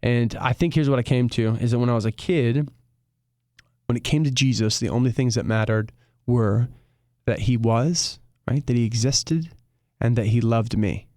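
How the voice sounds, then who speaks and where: A young man chats as a guest in a studio, mixing thoughtful reflection with quick jokes. His voice is smooth and clear, and the close mic leaves it dry with no room sound. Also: medium pitch, darkish tone, dry recording. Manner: reflective, joking. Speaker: guest musician. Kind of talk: casual chat.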